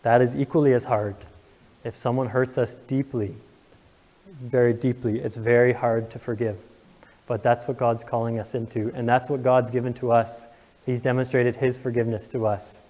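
A man's voice: medium pitch, flat delivery, moderate pace, a little mellow, in a large hall. A young man preaching a sermon to his congregation, earnest and emotional, asking the room questions. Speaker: pastor. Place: church sanctuary.

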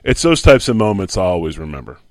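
A man's voice: low-pitched, quick pace, no room sound. A middle-aged man from Philadelphia, a former football lineman, telling a story as a guest and acting out the dialogue. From Philadelphia, USA. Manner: animated storyteller who acts out quoted dialogue. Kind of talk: casual anecdotal storytelling.

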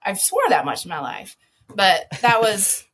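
A woman, a podcast guest, telling an animated story with lots of laughter, sudden loud shouted quotes and many restarts. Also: mid-range voice, a little slow, a little hiss or hum. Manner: lively, laughing, jumps to loud shouts when quoting herself.

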